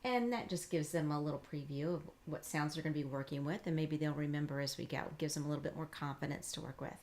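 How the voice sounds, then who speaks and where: A woman teacher with a lowish voice explains phonics patiently and encouragingly. She slows down to sound out each letter with care and keeps a steady instructional tone. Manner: slow, exaggerated modeling of letter sounds. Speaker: reading teacher. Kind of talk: instructional demonstration.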